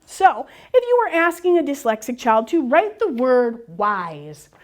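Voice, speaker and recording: A woman's voice: high-pitched, normal speed. A woman teaching a class on spelling and syllable rules, encouraging and asking questions she answers herself. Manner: lively, encouraging, asks and answers her own questions.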